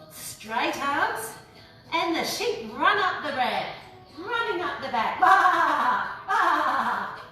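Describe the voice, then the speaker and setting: Here a woman from Australia runs a kids' yoga session, cheering the children on playfully and making animal noises along with them. Her voice sits high, bright and forceful. Music plays behind her, and the echoey room is picked up by a far-off mic.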